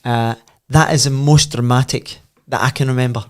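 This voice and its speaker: A middle-aged Scottish man, a former footballer and podcast guest, telling animated anecdotes in casual chat. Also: mid-range voice, normal speed. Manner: animated anecdotes, voice swells when telling the story.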